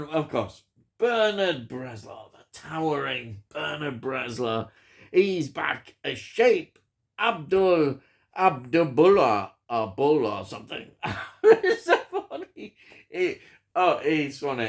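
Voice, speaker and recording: A man chatting casually about a film, enthusiastic and rambling, often chuckling. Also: fairly high pitch. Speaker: film reviewer. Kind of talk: casual film review chat.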